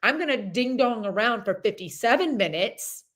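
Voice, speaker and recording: A podcast host delivers a casual, chatty motivational monologue full of fillers and lively storytelling. Her voice is on the high side, at a moderate pace.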